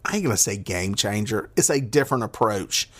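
A man's voice: lowish voice, animated, a little fast, a bit bright. A man with a Southern accent hosting a podcast in a loose, rambling monologue, folksy and full of filler words. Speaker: podcast host. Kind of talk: casual monologue. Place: at a desk.

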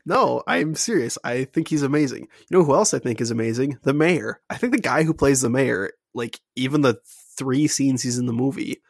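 A man's voice: mid-range voice, fairly quick, a little mellow, dry recording, studio quality. A man co-hosting a podcast, chatting casually and enthusiastically about a film, rambling with many fillers. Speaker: podcast co-host. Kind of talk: casual film review chat.

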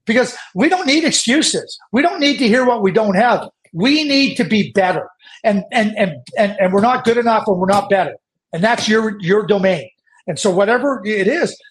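Insistent high-voiced man. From Canada. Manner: insistent, repeats words when pressing a point. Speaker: hockey analyst guest. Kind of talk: emphatic opinionated sports talk.

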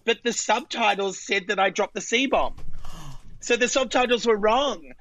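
A male Australian drag queen speaking high and sharp over a remote call. He tells bawdy stories, laughs and gets loud, and the sound is dry and close. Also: normal speed, dry recording. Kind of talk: casual interview chat.

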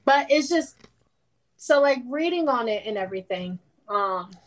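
A woman's voice: a little high, lively intonation, normal speed, low-quality recording. A woman co-hosting a casual sports podcast, ranting heatedly about an award and laughing between points. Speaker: podcast co-host.

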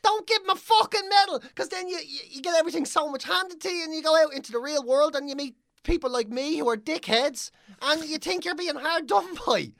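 A woman's voice: high voice, brisk, gravelly, fairly bright tone, no room sound, studio quality. A woman co-hosting a casual chat, ranting hard and swearing constantly. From Ireland. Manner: ranting, profane, mocks others in whiny voices.

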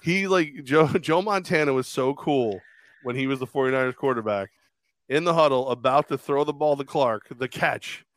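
A man's voice: mid-range voice, moderate pace, fairly bright tone, no echo. A man co-hosting a podcast in casual chat, rambling and crude as he tells stories and acts out quotes. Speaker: podcast co-host.

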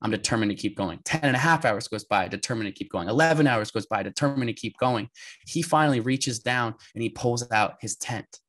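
American man, podcast guest, emphatic lively storyteller, mid-pitched voice. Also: a little fast. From United States. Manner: energetic, emphatic, often laughing. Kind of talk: animated storytelling in conversation.

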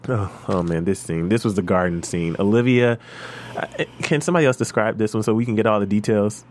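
A man hosting a casual recap chat, talking animatedly with frequent restarts and bursts of excitement. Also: on the low side, brisk. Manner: animated, gushing, restarts often. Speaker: podcast host.

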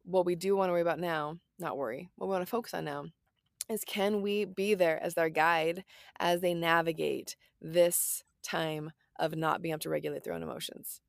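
Casting: low-pitched woman in her thirties, gravelly fry, earnest reassuring parenting talk, dry close sound. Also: fairly even intonation, moderate pace, no room sound. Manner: earnest, reassuring, lots of "like" and "right?". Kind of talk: casual parenting advice talk.

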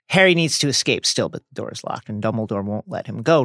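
Wry, measured man co-hosting a podcast. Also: lowish voice, expressive, creaky, fairly bright tone, no room sound, studio quality. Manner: measured, conversational, wry asides. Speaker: podcast co-host. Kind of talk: book-discussion podcast.

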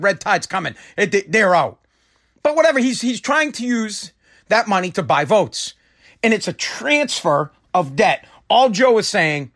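A man's voice: sits high, a bit bright. A middle-aged man in a heated, profane rant, often stumbling and restarting his sentences. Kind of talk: angry political rant.

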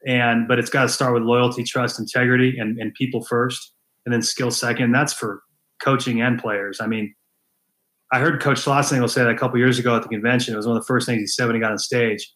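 A man's voice: mid-range voice, level tone, brisk, a bit bright, poor audio. Man, head coach, interview guest, earnest, repeats words for emphasis. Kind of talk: casual interview talk.

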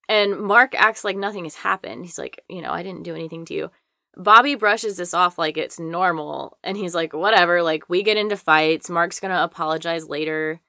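A young woman co-hosts a podcast, chattily retelling a true-crime story packed with "like" and swearing. Her voice is fairly low with a sharp tone, recorded dry at studio quality.

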